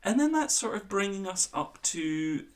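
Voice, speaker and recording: A man's voice: high-pitched, very animated, moderate pace. A man hosting a podcast in casual chat, playful and enthusiastic, stretching words for emphasis. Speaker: podcast host.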